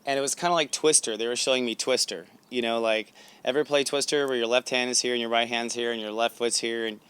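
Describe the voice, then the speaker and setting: A man hosting a spiritual guidance show, talking in a chatty, animated, self-assured way as he gives astrology advice and steps to his viewers. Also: medium pitch, fast talker, smooth. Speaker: spiritual intuitive host. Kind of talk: casual spiritual guidance talk.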